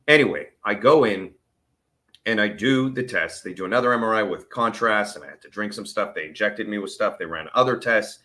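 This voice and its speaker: A man's voice: fairly low pitch, normal speed, pushed and bright. A man telling his own story of illness in a candid, earnest way, openly emotional and plain-spoken. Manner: plain-spoken, with the odd curse. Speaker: vlogger sharing his chronic illness story.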